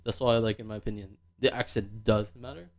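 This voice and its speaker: A man from Malaysia with a Malaysian English accent, hosting a podcast in a relaxed, self-deprecating way. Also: on the low side, fairly quick. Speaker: podcast host. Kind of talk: casual podcast chat.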